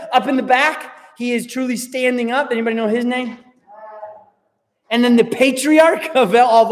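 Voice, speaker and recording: A man with a very high voice leads a youth group, playful and upbeat as he calls out to the crowd. The sound carries the long reverb of a large hall. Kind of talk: lively talk to a student youth group. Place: large hall with a live audience.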